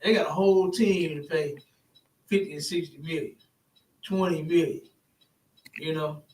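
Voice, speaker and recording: High-voiced man, rambling in an echoey room. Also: steady tone, normal speed, a little mellow, far from the mic. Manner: rambling, repeats "you know what I'm saying". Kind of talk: casual spoken discussion. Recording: echoey room, voice from off-mic, faint hiss.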